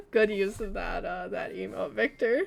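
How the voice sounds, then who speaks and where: A woman's voice: medium pitch, steady tone, normal speed, vocal fry, soft background music. A young woman streaming a game, chatting casually with her chat and laughing often. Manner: chatty, giggly, talking to chat.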